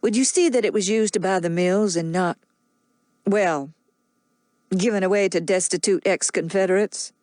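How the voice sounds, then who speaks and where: A woman voicing a smooth, crafty grown man who coaxes and persuades without hurrying. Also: mid-range voice, moderate pace, darkish tone, no echo, lightly acted. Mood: persuasive.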